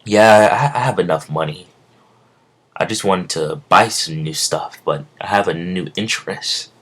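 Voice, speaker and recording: Guy reading a beaten young boxer, low and quiet, dejected tone. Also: a little slow, breathy edge, heavily acted. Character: defeated young male boxer, downcast.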